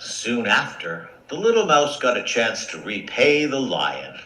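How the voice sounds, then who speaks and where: A man narrating a fable for a shadow puppet show, playful and animated. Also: mid-range voice, unhurried, low-quality recording. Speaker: puppeteer and storyteller.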